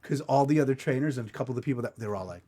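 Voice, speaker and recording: Racing along in a mellow, medium-pitched voice, a male podcast host delivers comedic storytelling. His tale is casual, profane and self-mocking.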